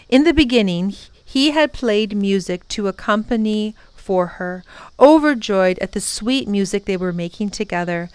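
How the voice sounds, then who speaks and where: A woman librarian reading a children's chapter book aloud at storytime, gentle and expressive. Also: mid-range voice, clean tone, no echo.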